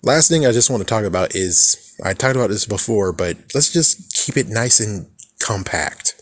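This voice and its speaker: A man's voice: on the low side, lively intonation, moderate pace, dry recording. A man giving casual, unscripted commentary, rambling and filling his talk with "it's like" and little chuckles. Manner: rambling, lots of "it's like" and "actually", chuckles to himself. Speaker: YouTube commentator.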